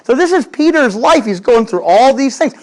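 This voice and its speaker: A male pastor preaching with a lively voice that swings up and down in pitch. He tells a Bible story like a conversation, throws in jokes and acts out the quotes. He keeps talking straight to the people in front of him. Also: normal speed. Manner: conversational, addresses the congregation directly. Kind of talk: sermon.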